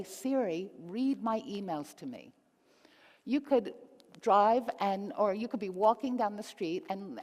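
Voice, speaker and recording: A woman's voice: mid-range voice, a little mellow. A woman giving a live conference talk, upbeat and often asking the audience questions. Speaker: conference speaker. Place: conference hall. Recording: reverberant hall.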